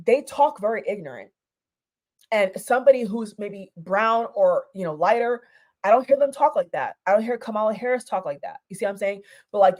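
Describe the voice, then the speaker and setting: A woman's voice: mid-range voice, darkish tone. A woman from Europe giving a heated, casual reaction rant, repeating herself and restarting her sentences, with some swearing. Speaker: vlogger.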